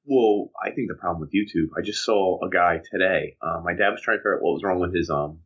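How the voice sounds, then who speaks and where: This is a podcast co-host with a low, breathy voice who talks quickly, and the audio sounds dull, like a video call. In casual chat he tells stories animatedly and mimics the people he describes.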